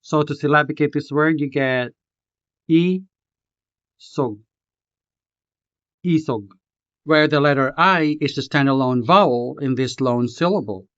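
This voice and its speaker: A man teaching a language lesson, reading a script slowly and carefully, spelling out each syllable. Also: fairly high pitch, fairly bright tone, clean tone, no echo, muffled recording. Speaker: language tutor.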